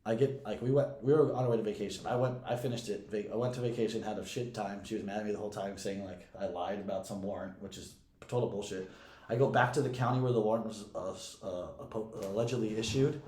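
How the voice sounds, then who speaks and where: A man's voice: on the low side, steady tone, quick pace, mellow. A young man and podcast co-host casually telling a story, profane and often laughing. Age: young adult. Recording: echoey room.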